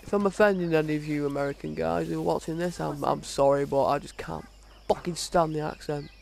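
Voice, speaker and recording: Brief: exasperated gamer narrating play, gravelly, with faint background noise. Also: male voice, fairly high pitch, fairly even intonation, a little fast, darkish tone. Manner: sweary, exasperated. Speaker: gaming video host. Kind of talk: casual gameplay commentary.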